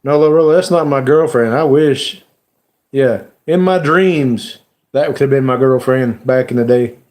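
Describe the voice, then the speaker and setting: A man hosting a live stream, talking casually to his chat in a halting, emotional way with lots of fillers. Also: medium pitch, darkish tone.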